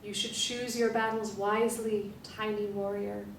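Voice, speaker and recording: A sorrowful old talking tree from a storybook, as a woman reader voices him, quiet and reflective with a flat, level delivery. The sound is roomy and echoey, caught from some distance from the mic, with a faint hum underneath. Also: medium pitch, measured pace, lightly acted. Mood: sad. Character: sad, gentle grand male talking tree.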